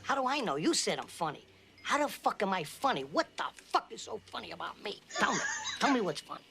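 An actor playing a hot-tempered mobster who swings from joking to menacing, swearing heavily. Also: male voice, high-pitched, big pitch swings, fast, vocal fry, pushed and bright, a little hiss or hum, full character voice. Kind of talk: film dialogue.

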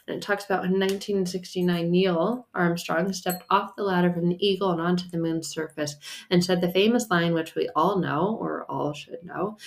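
A woman's voice: on the low side, steady tone, moderate pace, a little mellow. A woman hosting a solo faith podcast, talking in a casual, emphatic and playful way with the odd curse word. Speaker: podcast host and faith coach.

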